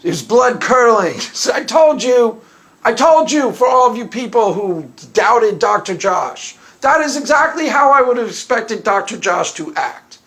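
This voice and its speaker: A man with an unusually high-pitched voice talks casually to his viewers. He jokes, rambles and repeats phrases over and over. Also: lively intonation, a little slow, fairly bright tone. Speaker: YouTube commentator. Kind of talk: casual commentary.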